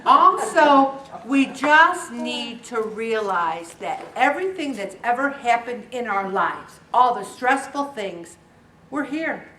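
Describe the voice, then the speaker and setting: A fairly high-voiced woman talks to a support group in a chatty, joking way, slipping into the voices of the people she quotes. Her voice rings around a roomy hall and is picked up from some distance away. A faint hum of room noise sits underneath. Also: very animated, slow pace, sharp tone. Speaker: weight loss group leader. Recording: echoey room, voice picked up from afar.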